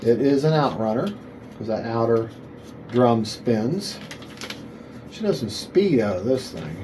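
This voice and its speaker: A man's voice: medium pitch, expressive, unhurried, noisy background. A man hosting a hobby video, casually thinking aloud and correcting himself as he unboxes, often calling things cool.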